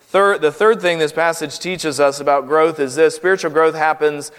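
A man from North Carolina with a Southern US accent, preaching a sermon as a guest preacher in an earnest, emphatic, deliberate way. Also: a little high, fairly even intonation, fairly bright tone, smooth. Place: church sanctuary. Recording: long hall reverb.

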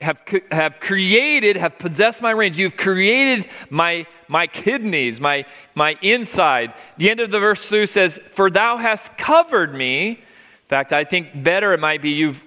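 Middle-aged male pastor, emphatic sermon delivery, bright tone, long hall reverb. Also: high-pitched, lively intonation. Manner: emphatic, drawn-out words with frequent restarts.

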